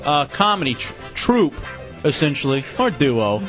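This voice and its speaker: A man hosting a radio show in casual, animated banter, quick to tease and laugh. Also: a little high. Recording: dull lo-fi radio recording with faint music.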